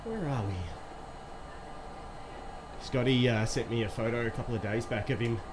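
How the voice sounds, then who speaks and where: A man's voice: medium pitch, moderate pace, background noise. A man hosting a casual live stream while pedalling an exercise bike, upbeat and quizzing his viewers, a little out of breath.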